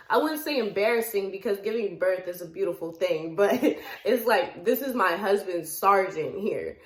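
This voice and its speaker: A young woman chats casually to her camera, recounting a story with lively energy and frequent laughter. Her voice sits at a middle pitch, and the room around her echoes noticeably. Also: moderate pace. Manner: animated, laughs often while telling, acts out quoted lines. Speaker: vlogger.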